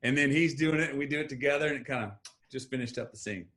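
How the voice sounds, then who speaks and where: A man with an easy Texan drawl leans into his stories, with his voice pitched right in the middle. He tells them emphatically, slipping into the voices of the people he quotes. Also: fast talker, a bit bright. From Texas. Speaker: guest actor. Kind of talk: animated storytelling interview.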